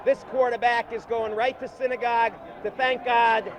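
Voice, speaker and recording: High-voiced lawyer addressing the press. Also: male voice, little pitch movement, moderate pace. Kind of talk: statement to press. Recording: noisy outdoor news footage.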